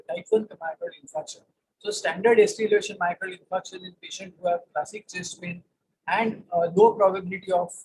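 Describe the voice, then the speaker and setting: A man's voice: high-pitched, a little mellow, breathy edge, low-quality recording. A man giving an online medical lecture over a video call, talking with many hesitations and filler sounds. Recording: patchy video call audio with faint room noise.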